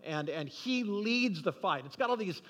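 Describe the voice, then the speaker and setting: Pastor, male, high-pitched voice, casual preaching that builds to emphatic peaks, big hall reverb. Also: animated, normal speed, fairly bright tone. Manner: conversational, with frequent restarts and rising emphasis. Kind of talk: sermon.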